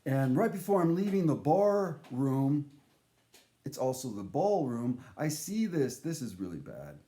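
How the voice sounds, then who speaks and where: A man's voice: mid-range voice, very animated, measured pace, mellow. A man telling a long, rambling story casually, swearing and cutting himself off mid-sentence. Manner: rambling, swears, self-interrupting. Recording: roomy echo.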